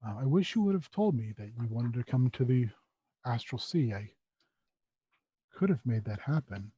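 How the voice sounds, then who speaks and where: A man voicing a robed stranger who speaks quietly and low, in a measured, ominous way. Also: expressive, slightly rough, dry recording, muffled recording. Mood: menacing.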